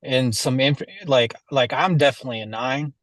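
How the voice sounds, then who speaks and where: A man's voice: medium pitch, fairly even intonation, normal speed, a bit bright, no room sound. A man being coached in a casual chat, hesitant, often restarting his sentences. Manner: hesitant, many fillers and restarts.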